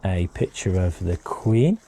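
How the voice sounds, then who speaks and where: A man's voice: sits low, animated, takes it slowly, mellow, a little hiss or hum. A man teaching a chatty history lesson to children, often asking them questions as he shows objects.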